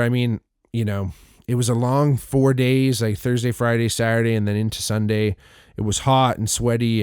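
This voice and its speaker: A man's voice: mid-range voice, darkish tone, smooth, no echo, clean studio sound. A male podcast host casually recounting a festival weekend, rambling with frequent restarts, fillers and swearing. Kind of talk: casual solo recap.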